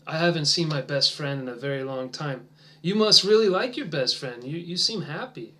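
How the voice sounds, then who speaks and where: For an audience of teachers, a man models an English lesson, stretching out his words encouragingly and going nearly to a whisper as he waits for responses. He speaks on the high side with an animated delivery.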